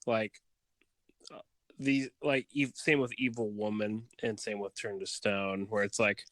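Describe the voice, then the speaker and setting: Man, podcast co-host, lowish bright voice, dry sound, analytical, filler-heavy. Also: steady tone, measured pace, dry recording. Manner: thoughtful, analytical, many fillers like "like". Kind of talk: casual music discussion.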